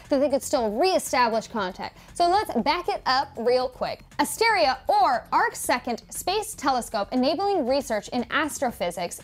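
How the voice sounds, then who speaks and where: A young woman presents space news straight to camera. Her voice sits high and swoops animatedly. She keeps it upbeat with playful, jokey asides to her viewers. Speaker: news show host.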